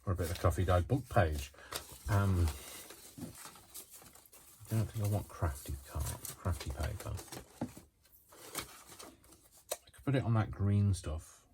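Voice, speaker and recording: A man's voice: sits low, slow, pauses often, noisy background. A man chatting casually to the camera while he crafts, rambling and hesitant with lots of ums and restarts, and yawning now and then. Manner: yawns often while talking. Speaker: craft vlogger.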